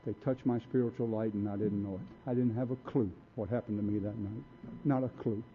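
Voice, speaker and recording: A man's voice: on the low side, fairly even intonation, fairly quick, a little hiss or hum. Blunt older man on tinny tape. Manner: blunt, folksy storytelling. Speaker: recovery meeting speaker. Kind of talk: personal recovery testimony. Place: meeting room.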